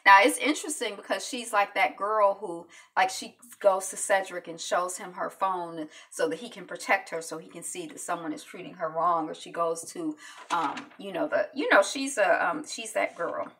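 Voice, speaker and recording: A woman's voice: lowish voice, moderate pace, fairly bright tone, recorded from a distance. A woman casually recapping a TV episode, chatty and full of fillers, acting out the characters' lines. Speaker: TV show recapper.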